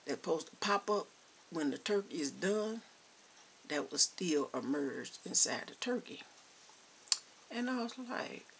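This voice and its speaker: A woman's voice: low voice, creaky, slight background noise. A woman, animatedly telling a funny story to her viewers. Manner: animated, addresses viewers as y'all. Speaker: vlogger. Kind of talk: casual storytelling.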